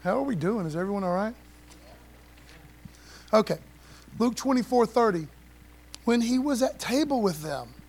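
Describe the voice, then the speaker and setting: A man's voice: sits high, animated, moderate pace, long pauses, darkish tone. A man preaching a casual sermon in a church service, using slang and calling out to the congregation. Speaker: pastor.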